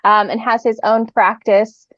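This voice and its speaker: A woman's voice: fairly high pitch, flat delivery, unhurried, dry recording. Brief: enthusiastic woman co-host, lo-fi dry recording. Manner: bubbly, laughing, enthusiastic. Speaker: podcast co-host. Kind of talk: casual podcast chat. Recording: dry, dull lo-fi sound.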